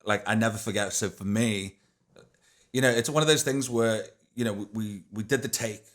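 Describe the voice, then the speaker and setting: A man's voice: on the low side, moderate pace, a bit bright. A middle-aged man hosting a podcast, chatting casually with frequent swearing and stumbling restarts. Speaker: podcast host. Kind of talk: casual chat.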